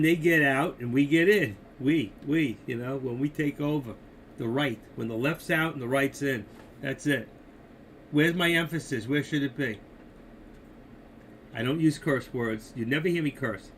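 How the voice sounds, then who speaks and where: A man's voice: mid-range voice, vocal fry, slight background noise. An older man hosting a casual live stream, talking markets and opinions in a rambling, opinionated way, speaking straight to his viewers.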